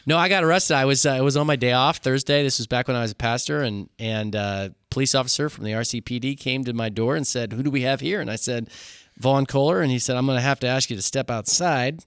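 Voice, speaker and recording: Man, podcast co-host, lively storyteller who acts out voices; bright tone, dry studio sound. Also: mid-range voice, fast, clear, resonant tone, no room sound. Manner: animated storyteller, acts out quoted voices, laughs often. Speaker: podcast co-host, former pastor. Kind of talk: casual storytelling chat.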